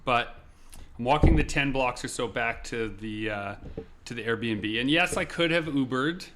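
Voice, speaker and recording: A man co-hosting a podcast, telling a story in a casual, animated way and acting out shouted lines. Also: mid-range voice, a little slow, slight background noise. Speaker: podcast co-host.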